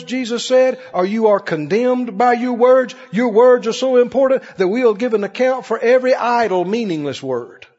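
A man preaching a sermon in a large church. He works the crowd with call-and-response, swinging from loud, high cries down to low murmurs. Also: slightly rough. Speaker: pastor. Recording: muffled recording with long hall reverb.

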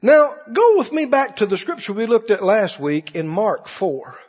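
A man's voice: sits high, very animated, normal speed, darkish tone, husky. A man preaching a sermon, telling stories and swinging his voice up and down for emphasis. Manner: storytelling preacher, rising and dropping emphatically. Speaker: pastor. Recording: dull lo-fi recording in a reverberant hall.

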